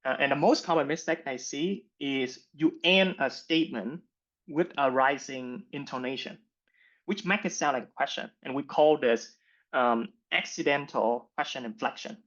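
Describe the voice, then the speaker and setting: A man's voice: medium pitch, moderate pace, fairly bright tone. A man coaching interview skills in a live online masterclass who explains in short phrases and often asks "right?". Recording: muffled lo-fi recording.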